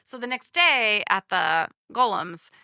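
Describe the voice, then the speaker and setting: A woman co-hosts a podcast and eagerly retells a film, speaking straight to her listeners. Her voice is bright and sharp, and the recording is dry and close with no room sound. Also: medium pitch, unhurried, clean tone, dry recording. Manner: excitable, laughing storyteller who addresses listeners as "you guys". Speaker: podcast co-host. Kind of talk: casual movie recap chat.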